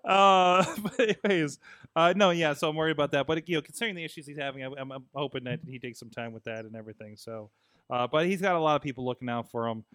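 A man's voice: on the high side, quick pace, a bit bright, dry recording. Man, podcast host, loose rambling chat, fillers, dry studio sound. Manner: rambling, laughs often, many fillers. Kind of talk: casual chat.

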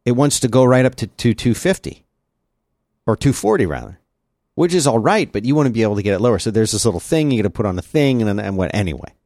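A man hosts a casual podcast, rambling from thought to thought with plenty of restarts. His pitch swings widely as he talks, and the sound is dry and close, with no room around it. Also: quick pace, dry recording. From lives in Central Texas. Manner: rambling and lively, with many restarts. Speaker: podcast host. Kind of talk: casual chat.

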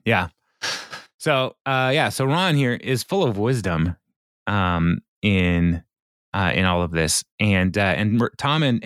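A man's voice: lowish voice, no echo, clean studio sound. A man co-hosting a podcast, retelling scenes in a rambling casual way and chuckling often. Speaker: podcast co-host. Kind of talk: casual chat.

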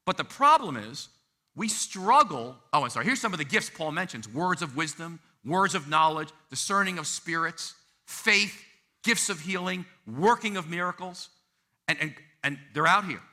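A man preaching a sermon with a very bright, sharp tone. His delivery is animated and conversational, full of quick asides and little voiced examples. He sounds middle-aged. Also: on the high side. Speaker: pastor.

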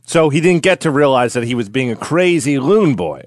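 A man's voice: medium pitch, animated, normal speed, no echo, studio quality. A man co-hosting a casual comedic podcast, reacting with crude wisecracks and playful exaggerated asides. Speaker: podcast co-host.

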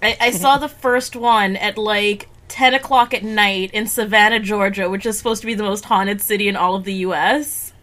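A woman on a podcast telling a story with dramatic, expressive flair. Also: medium pitch, moderate pace, few pauses. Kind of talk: casual chat.

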